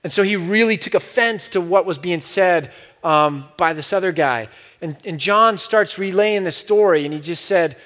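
A man's voice: high-pitched, normal speed, fairly bright tone, big-room sound. A male preacher giving a sermon in a conversational way, with frequent restarts.

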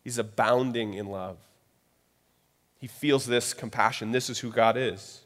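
A man's voice: medium pitch, steady tone, unhurried, fairly bright tone. A man preaching a sermon in a loose, conversational way. He acts out quoted voices and keeps checking in with "right?". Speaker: pastor. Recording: long hall reverb.

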